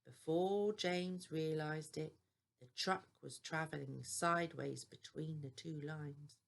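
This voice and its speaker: An older woman reading a children's bedtime story aloud in a gentle, deliberate way. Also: low-pitched, steady tone, vocal fry.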